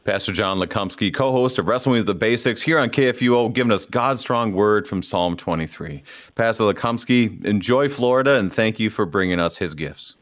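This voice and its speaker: A male radio host with a somewhat low voice. He keeps his prompts short and steady as he guides the interview and signs off. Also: a little fast.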